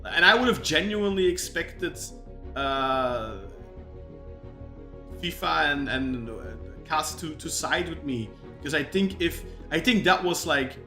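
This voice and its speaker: A man rants about football on a podcast, bright and sharp in tone, swearing freely and tripping over his restarts. His voice sits on the higher side, with faint music behind. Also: takes it slowly. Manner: animated, swears, stammers on restarts. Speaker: podcast co-host. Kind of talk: casual football chat.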